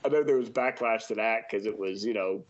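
A man's voice: on the low side, fairly quick. A man chatting casually with friends, enthusiastic and a bit rambling. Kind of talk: casual chat. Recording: slightly dull lo-fi sound.

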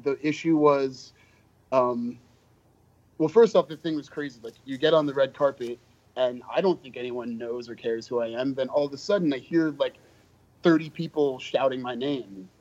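A man's voice: medium pitch, steady tone, moderate pace, darkish tone. A man, a podcast guest, casually telling self-deprecating anecdotes about his time as a drummer. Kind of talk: casual storytelling. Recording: dull, lo-fi podcast audio.

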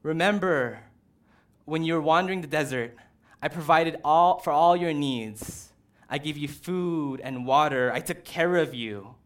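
A patient, wounded God pleads with his people like a king reminding them of all he has done, as a preacher puts him on. The male voice sits a little high and speaks steadily. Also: unhurried, a bit bright. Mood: pleading.

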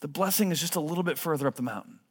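Earnest guy preaching in a church, kinda high voice, hushed then punchy. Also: very fast, slightly rough. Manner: earnest, swings from hushed to emphatic. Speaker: pastor. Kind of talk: sermon. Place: church sanctuary. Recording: long hall reverb.

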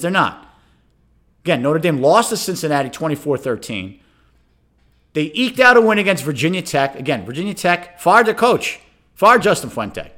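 With a slightly high, sing-song voice that sounds pushed and bright, a middle-aged man hosts solo sports talk at a normal speed. He rants with sarcasm, builds to exasperated outbursts, and keeps turning to listeners with "okay?" asides.

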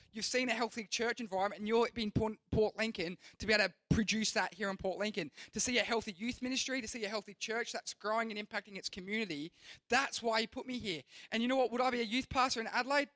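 Young man, youth pastor preaching, high voice, earnest rambling delivery full of restarts, dry sound. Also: sharp tone, no echo. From Australia. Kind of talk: youth sermon.

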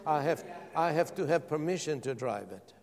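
A man's voice: on the high side, expressive, normal speed, a little mellow, in a large hall. A middle-aged man preaching a sermon as pastor, firing rhetorical questions and repeating phrases for emphasis.

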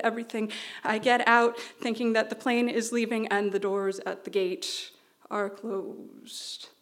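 A woman telling a personal story on stage at a live storytelling event, in an animated, anxious way with quick run-on phrases. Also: a little high. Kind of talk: live storytelling before an audience.

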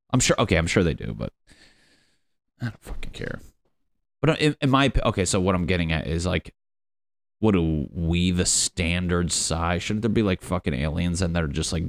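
A man's voice: low-pitched, vocal fry, no echo. A young man hosting a casual solo podcast, rambling and swearing, laughing at his own jokes. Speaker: podcast host.

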